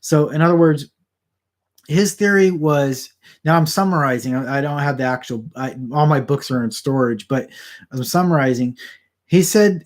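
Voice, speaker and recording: Rambling man with a higher voice. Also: normal speed. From Southern California. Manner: rambling, frequent restarts and stammered repeats. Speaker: vlogger talking to camera. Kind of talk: casual rambling chat. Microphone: camera about four feet away.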